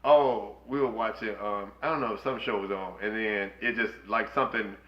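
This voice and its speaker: A man co-hosting a podcast with his wife, telling animated stories in casual chat and acting out the people in them. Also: lowish voice, normal speed. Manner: animated storyteller, acts out others' voices. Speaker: podcast co-host. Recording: echoey room, slightly dull lo-fi sound.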